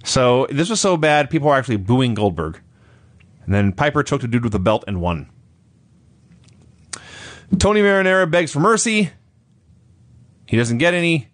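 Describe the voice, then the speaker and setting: A man's voice: mid-range voice, big pitch swings, moderate pace, pauses often, no echo. A male podcast co-host in casual chat, recapping a show in a dry, sarcastic way.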